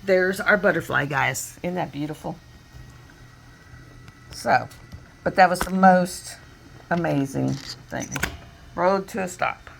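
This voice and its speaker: A woman's voice: fairly low pitch, slow pace, vocal fry, long pauses, a little hiss or hum. A woman, a crafting vlogger chatting casually and retelling a story with quoted voices at her home workstation.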